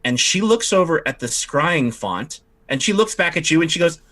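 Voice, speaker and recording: A man's voice: fairly high pitch, expressive, moderate pace, fairly bright tone. A man narrating as game master, rambling with many fillers and restarts.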